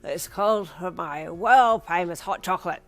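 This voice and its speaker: Woman doing a shrill warbly old grandpa. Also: moderate pace, soft background music. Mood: playful. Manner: loud, calling out from afar. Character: elderly playful grandfatherly man, warbly.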